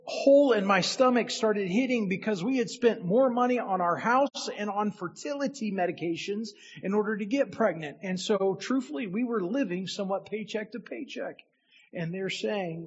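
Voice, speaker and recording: A man's voice: sits high, moderate pace, slightly rough, lo-fi sound. A man who is a minister, giving a sermon as a personal story and speaking directly to the people in the room.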